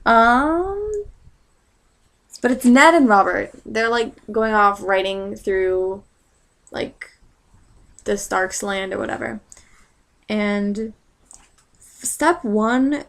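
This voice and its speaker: A woman's voice: mid-range voice, takes it slowly, gravelly, long pauses, fairly bright tone. A young woman casually recapping a book chapter in a rambling, sarcastic way, full of fillers and side jokes. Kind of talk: casual chat.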